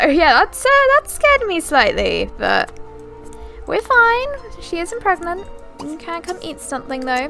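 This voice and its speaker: A young woman with a slightly high voice chats her way through casual gameplay commentary. She speaks straight to her characters and wanders with fillers and restarts. Soft music plays faintly in the background. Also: gravelly. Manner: chatty, talks directly to her game characters; rambling with frequent fillers and restarts. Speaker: gaming video creator.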